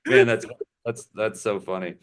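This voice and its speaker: A man's voice: lowish voice, steady tone, moderate pace, clean tone. A man in his thirties, a stand-up comedian guesting on a podcast, telling stories in a rambling, chatty way full of "like". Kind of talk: casual chat.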